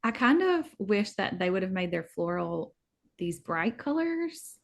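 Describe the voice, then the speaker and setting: A woman's voice: medium pitch, big pitch swings, measured pace, gravelly. A woman with a Southern American accent hosting her planner channel, chatting upbeat and giggly while shopping online with a friend. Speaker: planner vlogger, channel host. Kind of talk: casual online shopping chat.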